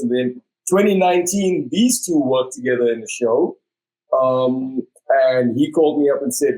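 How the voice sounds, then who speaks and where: A man's voice: medium pitch, normal speed, a little mellow, poor audio. A man with a South African accent, an actor guest bantering and joking through an interview. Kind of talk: casual interview chat.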